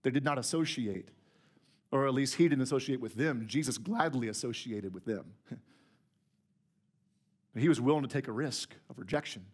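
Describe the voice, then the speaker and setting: A man's voice: mid-range voice, lively intonation, normal speed, pauses often, slightly rough. A man pastor preaching a conversational, emphatic sermon to his church. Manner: conversational, emphatic, repeats words when starting a phrase. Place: church sanctuary.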